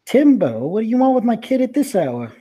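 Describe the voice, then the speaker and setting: A man's voice: very high-pitched, very animated, brisk, mellow, breathy edge, voice pushed up, exaggerated voice. A man voicing a disheveled, cranky halfling woman who talks bluntly and swears. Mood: irritated.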